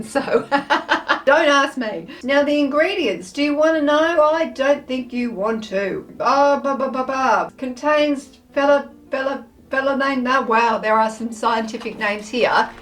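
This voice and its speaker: A woman with a slightly high, lively voice talks casually to camera as she tries one snack after another. She is expressive and playful, narrating every thought as it comes. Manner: chatty, expressive, thinks aloud; playful, with frequent laughs. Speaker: food taste-test vlogger. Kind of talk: casual chatty taste test.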